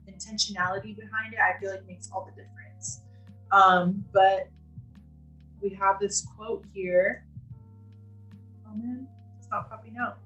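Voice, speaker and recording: A woman's voice: mid-range voice, a bit bright. Woman trainer on a video call, loose and chatty with lots of fillers, roomy echo, faint music behind. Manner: chatty, with many fillers and restarts. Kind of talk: casual live online training.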